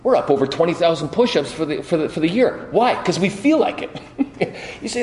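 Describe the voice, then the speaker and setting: A middle-aged man preaching a sermon, telling stories with lively quoted voices and frequent restarts. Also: a little high, fairly quick. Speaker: pastor. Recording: echoey hall.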